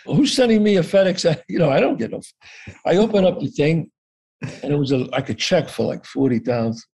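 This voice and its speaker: A man's voice: fairly high pitch, expressive, fairly quick, darkish tone, slightly rough. A man telling a story as an interview guest, acting out the dialogue and swearing casually.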